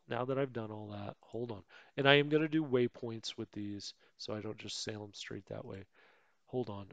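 A man's voice: mid-range voice, gravelly, no room sound. A man giving casual, rambling commentary over a strategy game he plays, often correcting himself and chatting in asides. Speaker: let's play host.

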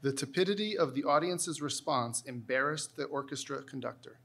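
A man acting as a spelling bee pronouncer, reading out words and their definitions with careful, measured enunciation. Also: medium pitch, gravelly, a bit bright, breathy edge.

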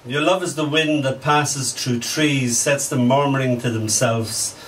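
A man giving a live poetry reading in a small cafe, measured and unhurried, with brief fillers between poems, recorded from a distance with faint room noise. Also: medium pitch, fairly even intonation, fairly bright tone. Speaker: poet.

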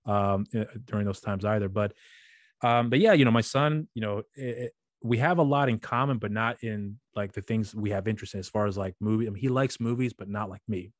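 A man's voice: lowish voice, fairly quick, no room sound, studio quality. A man in his thirties hosting a casual interview, telling stories in rambling runs with many restarts. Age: 30s. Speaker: podcast host.

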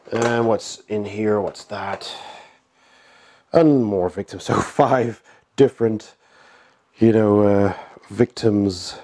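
A man with a cold and a nasal voice, casually commenting while unboxing a board game, with frequent fillers and chuckles. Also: lowish voice. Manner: relaxed, chuckling, lots of fillers.

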